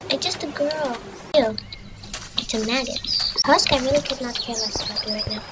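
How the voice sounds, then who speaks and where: A woman's voice: high voice, normal speed, heavy background noise. A young woman commenting on a horror game as she plays, jumpy and pleading when scared, with game music behind her. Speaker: VTuber gamer.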